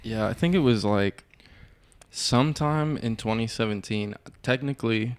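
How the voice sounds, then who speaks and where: A man's voice: mid-range voice, normal speed, clean tone, no room sound. A man hosting a podcast, asking casual interview questions, cursing loosely and filling with "like". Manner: casual, swears freely, fills with "like". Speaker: podcast host.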